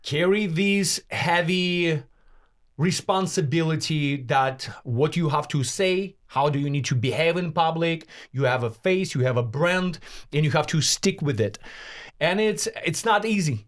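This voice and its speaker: A man's voice: on the high side, animated, measured pace. Blunt, profane man co-hosting a podcast. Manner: blunt, emphatic, swears freely. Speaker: podcast co-host. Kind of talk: casual podcast chat.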